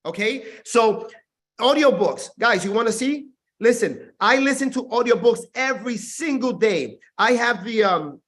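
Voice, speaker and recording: A man with a high voice gives an intense, preachy motivational talk to his team over a video call. He hammers on the same points again and again and keeps pressing his listeners. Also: a bit bright. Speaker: network marketing team leader.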